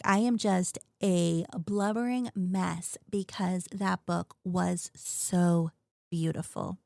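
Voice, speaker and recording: A woman's voice: medium pitch, normal speed, vocal fry, no echo, clean studio sound. A woman in her thirties hosting a podcast, chatting casually and gushing enthusiastically about the books and shows she loves. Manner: gushing, chatty, animated storyteller. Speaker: podcast host.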